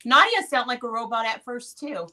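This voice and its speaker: A woman hosts a casual live video-call chat, bubbly and quick to laugh. Her voice is bright and sits fairly high. She tosses off quick asides. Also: lively intonation. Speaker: host.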